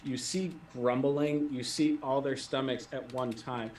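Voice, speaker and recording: In a tabletop role-playing game, a man running the session as game master describes what's happening and calls for dice rolls. His medium-pitched voice is fairly even and a little slow, heard through a distant mic in an echoey room with a touch of hiss or hum.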